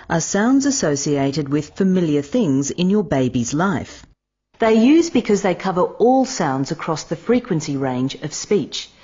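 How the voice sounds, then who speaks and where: Low, mellow woman narrating. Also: husky, muffled recording. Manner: calm, measured, explanatory. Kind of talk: scripted instructional narration.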